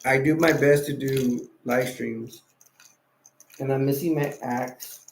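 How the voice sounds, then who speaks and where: A man's voice: medium pitch, steady tone, slow pace, creaky, a little hiss or hum. A tired man hosting a late-night livestream, rambling casually and reading chat messages and wiki text aloud. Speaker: livestream host.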